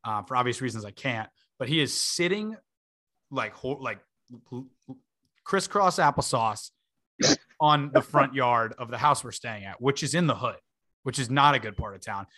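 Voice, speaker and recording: A man's voice: medium pitch, lively intonation, normal speed, sharp tone. A man in his twenties, a podcast host, telling a long story in a casual way, full of fillers and laughing asides.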